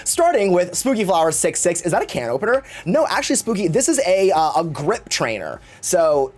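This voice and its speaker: A man's voice: high-pitched, sing-song, brisk, darkish tone. A man streaming live, chatting casually in a campy, theatrical way and swearing freely.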